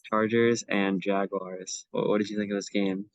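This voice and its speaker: A young man talks sports with a co-host in an easy, rambling way, full of ums and restarts. His voice sits a little low. The sound is dull and lo-fi, close and dry. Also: flat delivery, normal speed, no room sound. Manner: chatty, many fillers and restarts. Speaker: podcast co-host. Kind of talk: casual sports chat.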